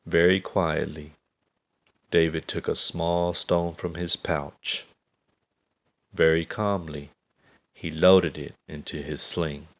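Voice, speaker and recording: Slow, deep, gravelly male storyteller. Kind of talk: scripted children's story narration.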